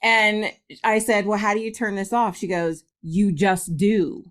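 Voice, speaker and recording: A woman's voice: mid-range voice, fairly even intonation, moderate pace, fairly bright tone, clear, resonant tone. A middle-aged woman from Ohio, a guest medium, telling a story in a casual interview, laughing often and acting out quotes.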